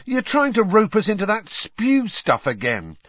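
A man's voice: high-pitched, wildly swooping pitch, unhurried, no room sound, highs cut off, voice pushed up, heavily acted. A man voicing a cheeky, blunt teenage schoolboy with a joking, stubborn manner.

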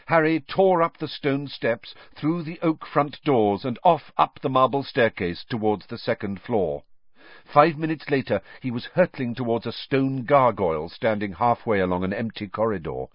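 A man's voice: medium pitch, expressive, moderate pace, no room sound. A man reading a novel aloud as an audiobook narrator, with dramatic storytelling. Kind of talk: scripted narration. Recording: dull dry recording.

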